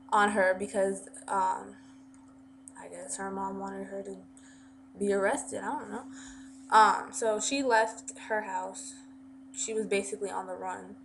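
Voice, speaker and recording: A woman's voice: a little high, a bit bright, slight background noise. A woman vlogger telling a story casually, rambling with plenty of fillers and restarts.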